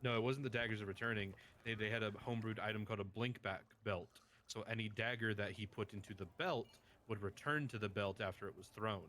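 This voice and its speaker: A man's voice: on the low side, fast, hardly any pauses, a bit bright, slight background noise. A man chatting casually on a live tabletop game stream, explaining rules in rambling, self-correcting bursts. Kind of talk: casual gaming chat on stream.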